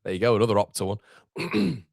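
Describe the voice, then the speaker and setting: A fan channel host runs a live football watchalong, chatting casually, reading out viewer comments, and reacting to the match. His lowish voice is gravelly and a little mellow, a little fast with big pitch swings, captured in a dry, clean studio recording.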